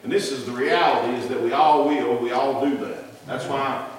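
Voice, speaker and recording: A man's voice: medium pitch, fairly even intonation, normal speed. A middle-aged man with a Southern US accent preaching a sermon as pastor, folksy and self-deprecating, rambling through asides. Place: church sanctuary. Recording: very echoey church room, mic far off, faint hiss.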